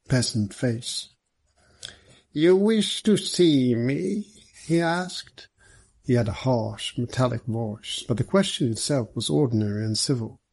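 A man reading a mystery novel aloud as the narrator, in a measured way. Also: medium pitch, warm tone, breathy edge. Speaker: audiobook narrator. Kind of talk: scripted narration.

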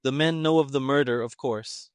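A man voicing an irritated, sarcastic army colonel who speaks gruffly. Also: mid-range voice, normal speed, no room sound, studio quality, voice pushed up, lightly acted.

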